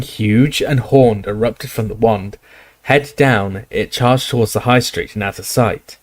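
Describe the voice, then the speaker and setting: A man reading a novel aloud in steady, measured storytelling narration. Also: lowish voice, no echo. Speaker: audiobook reader. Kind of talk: scripted narration.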